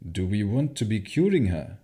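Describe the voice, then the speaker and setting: A man's voice: fairly low pitch, sing-song, moderate pace, warm tone, slightly rough. A narrator voicing a wary male companion who sounds blunt and skeptical.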